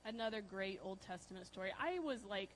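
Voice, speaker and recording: A woman preaching a conversational sermon, asking her listeners questions and using many fillers. She swings between loud emphasis and soft, hushed lines. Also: mid-range voice, lively intonation, brisk, slight background noise, poor audio. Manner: chatty, asks the audience questions, many fillers.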